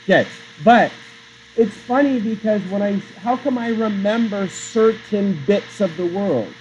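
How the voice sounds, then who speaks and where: A male teacher with a high, slightly slow voice gives a chatty, digressive classroom lecture, often quizzing the class. The recording is dull and lo-fi, with a little hiss or hum.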